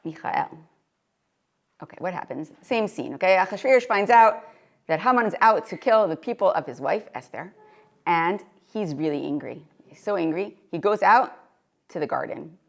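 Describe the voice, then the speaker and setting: A woman's voice: lowish voice, expressive, moderate pace, creaky. A woman giving a Torah lecture to a live audience, reading Hebrew sources aloud and translating them, often asking questions. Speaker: Torah teacher.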